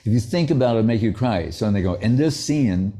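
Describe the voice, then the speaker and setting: A man delivers a spiritual lecture in a mellow, relaxed voice of ordinary pitch. He keeps it conversational, illustrating points with stories and lightly comic asides. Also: fast. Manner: conversational, anecdotal, playfully acts out quotes. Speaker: spiritual teacher. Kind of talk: devotional lecture.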